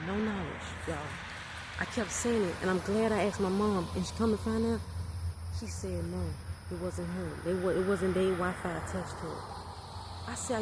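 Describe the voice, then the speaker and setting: A woman's voice: medium pitch, background noise. A woman telling a story to her viewers, repeating herself and calling out to them again and again. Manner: repetitive, animated, addresses viewers as y'all. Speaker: vlogger. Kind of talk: casual storytime vlog.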